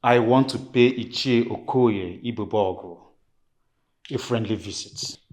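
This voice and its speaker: A man's voice: fairly low pitch, a little slow, darkish tone, lightly acted. A man playing a defiant Nigerian prince. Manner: blunt, defiant. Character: bold young male prince, confrontational. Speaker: king's son.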